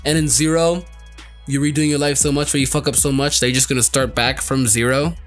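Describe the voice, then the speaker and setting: A young man reviewing an anime in a casual video, excitable and swinging from loud, heated outbursts to low mutters. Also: fairly quick, soft background music.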